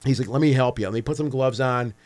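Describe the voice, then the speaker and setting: A man's voice: medium pitch, fast talker, a little mellow. A man on a podcast, telling a funny story in casual chat, acting out the dialogue and swearing freely.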